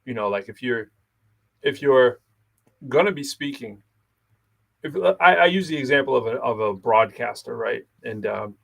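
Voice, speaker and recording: A man's voice: medium pitch, moderate pace, gravelly, long pauses, a bit bright. A man co-hosting a podcast, talking in an easygoing, casual way and laughing often. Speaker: podcast co-host.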